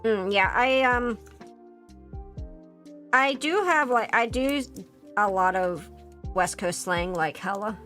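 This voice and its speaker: Woman, Philadelphia accent, casual streamer chat, rambling and quick to laugh. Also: mid-range voice, lively intonation, fairly bright tone, faint music behind. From Pennsylvania, US. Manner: chatty, rambling, laughs often.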